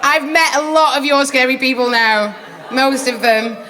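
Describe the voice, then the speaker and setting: A woman's voice: high-pitched, moderate pace, sharp tone, a faint crowd. A woman from England with a Northern English accent, doing a stand-up comedy set on stage, brash, sweary and self-mocking. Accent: Northern English, Rochdale. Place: comedy venue stage with a live audience.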